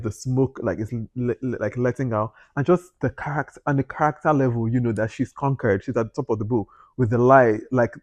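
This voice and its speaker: A man's voice: mid-range voice, darkish tone, no room sound, highs cut off. A man giving a casual, rambling movie review, acting out his own reactions with sudden gasps and exclamations. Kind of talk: casual spoken film review.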